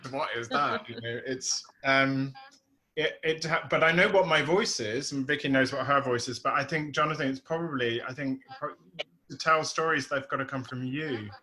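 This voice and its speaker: A man's voice: medium pitch, moderate pace, bright, forceful tone, slight background noise. A man with an Essex accent hosting an online playwriting Q&A, talking casually with many restarts. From England. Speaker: theatre director hosting a Q&A. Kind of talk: casual online workshop chat.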